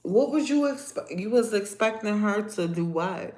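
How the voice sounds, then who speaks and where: A young adult woman, hosting a casual livestream and ranting to her viewers in a sassy, animated way. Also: mid-range voice, measured pace. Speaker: livestream host. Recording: echoey room.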